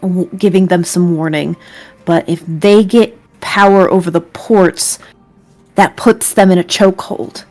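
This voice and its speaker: A woman's voice: on the low side, fairly even intonation, measured pace, a little mellow, faint music behind. A woman playing a tabletop role-playing game, chatting and plotting in casual talk. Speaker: player.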